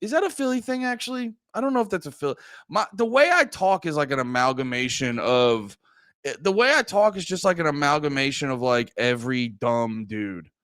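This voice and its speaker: A man's voice: fairly high pitch, animated, brisk, a bit bright, clean tone, dry recording. A man streaming live, chatting casually with his viewers in a rambling, profane, joking way.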